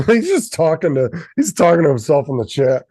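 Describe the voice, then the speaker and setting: A man's voice: on the high side, very animated, fairly quick, a little mellow, no room sound, studio quality. A man hosting a casual livestream chat, laid-back and profane, laughing often as he reads the chat. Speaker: streamer host.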